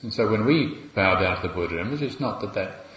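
Buddhist teacher guy, lowish voice, slow and thoughtful, roomy echo, muffled lo-fi sound. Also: lively intonation, a bit bright. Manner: measured and reflective, with small restarts. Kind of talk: dharma talk. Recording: echoey room, dull lo-fi sound.

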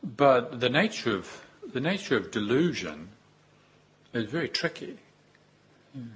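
Bright-voiced man giving a dharma talk. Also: medium pitch, very animated, breathy edge. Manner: unhurried, reflective, with long pauses and repetitions. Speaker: Buddhist teacher.

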